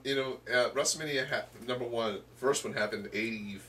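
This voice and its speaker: A man co-hosting a casual wrestling history chat, talking haltingly with many restarts. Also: mid-range voice, bright, forceful tone. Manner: halting, full of restarts and fillers. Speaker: podcast co-host. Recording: distant mic with faint room noise.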